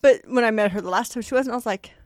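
An excitable woman co-hosting a podcast, telling stories in a loose, rambling way. Her voice sits a little higher than most and sounds dry and close to the mic. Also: racing, no room sound. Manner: rambling, animated storytelling with fillers. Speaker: podcast co-host. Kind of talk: casual chat.

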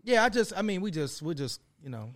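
A man with a notably high voice chatting casually on a podcast. He talks emphatically and loosely, with many fillers. His tone stays animated throughout. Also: brisk. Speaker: podcast co-host. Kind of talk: casual chat.

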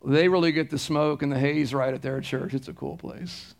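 A man's voice: mid-range voice, fairly even intonation, normal speed, gravelly. A middle-aged man, preaching a conversational sermon in a church, anecdotal and emphatic. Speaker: pastor.

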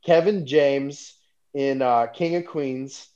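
A man from North Carolina co-hosting a live podcast, loud and profane, talking over the others in casual banter. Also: medium pitch, slow, muffled recording. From North Carolina, USA. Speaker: podcast co-host.

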